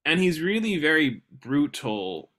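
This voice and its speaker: A slightly high, slightly slow male voice belongs to a podcast co-host chatting casually about a novel. He's animated but keeps hesitating and restarting, with many fillers, and sometimes reads passages aloud.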